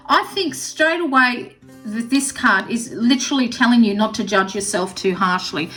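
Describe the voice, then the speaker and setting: A woman's voice: fairly high pitch, normal speed, sharp tone, soft background music, poor audio. A woman tarot reader giving a pet-spirit reading to camera. She is earnest and reassuring, close to tears, and keeps checking in with "okay?". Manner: earnest and reassuring, with frequent 'okay?' tags.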